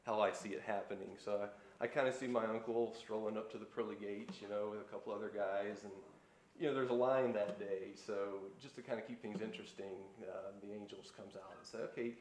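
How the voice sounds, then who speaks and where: A man's voice: lowish voice, fairly even intonation, a little fast. A man doing live stand-up, telling a long joke in a laid-back, rambling way. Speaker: stand-up comedian. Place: live studio stage. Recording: roomy live stage sound with faint noise.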